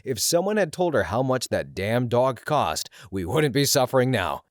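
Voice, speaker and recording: Grumbling older uncle muttering a dry joke, as a man reads him, lower and quieter than the narrator. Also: big pitch swings, moderate pace, no room sound, close to an everyday voice. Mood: wry.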